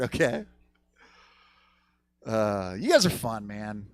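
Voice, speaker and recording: A man's voice: medium pitch, sing-song, a little slow, no room sound. A man doing a stand-up comedy set on a theater stage, telling a rambling, crude story and working the crowd.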